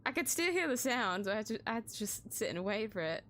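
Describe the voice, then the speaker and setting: A woman streamer chats casually over her game, swearing freely and breaking into laughs. Her voice is high and bouncy, her pace unhurried, and she has a slight cough. A faint hiss runs underneath. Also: big pitch swings, a bit bright.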